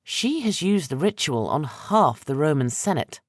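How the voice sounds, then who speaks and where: A man's voice: on the high side, big pitch swings, unhurried, no echo, clean studio sound, voice pushed up. A man voicing a frightened, defiant young Roman noblewoman in a raised, tense voice for an audiobook.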